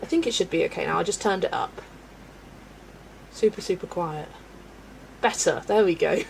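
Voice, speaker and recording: A woman's voice: lowish voice, moderate pace, creaky, a little hiss or hum, low-quality recording. A woman chatting casually on a live stream as she colours, thinking aloud, giggling often, and talking into a webcam mic.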